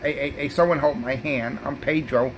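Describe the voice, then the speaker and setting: A man's voice: mid-range voice, fairly even intonation, moderate pace, a little hiss or hum, voice pushed up, natural voice. A man putting on the voice of a whining, self-pitying crybaby on the radio.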